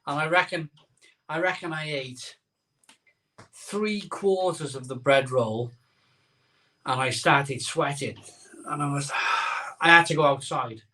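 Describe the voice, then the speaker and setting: A man's voice: fairly high pitch, takes it slowly, pauses often, pushed and bright, recorded from a distance. A man hosting a live beer-drinking show, telling a rambling story in casual chat and repeating his phrases as he goes.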